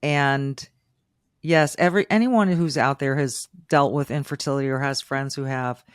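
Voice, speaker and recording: A woman's voice: rumbling low, moderate pace, smooth, dry recording, studio quality. Emotional middle-aged woman podcast host. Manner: emotional, warm and rambling with restarts. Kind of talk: interview.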